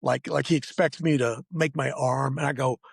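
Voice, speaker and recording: A man's voice: mid-range voice, fairly even intonation, normal speed, vocal fry, breathy edge, dry recording. A middle-aged man and makeup effects artist, a guest on a remote call, telling rambling, profane anecdotes full of fillers. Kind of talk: casual interview storytelling.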